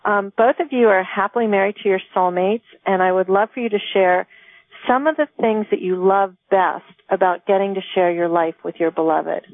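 A woman's voice: mid-range voice, normal speed, no echo. A woman host asking questions in an upbeat, playful way. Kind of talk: casual interview. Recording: phone-like dry sound.

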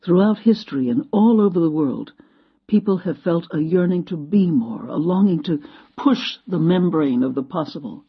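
Woman doing a motivational story talk, husky voice, dramatic delivery, muffled lo-fi sound. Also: lowish voice, moderate pace. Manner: expressive, dramatic, acts out quotes. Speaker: speaker. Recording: dull lo-fi sound.

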